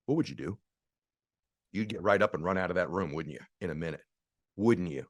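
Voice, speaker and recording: Motivational speaker, male, low voice, earnest rhetorical style, dry close recording. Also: normal speed, pauses often, no echo. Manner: earnest, repetitive rhetorical questions. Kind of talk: motivational speech to an audience.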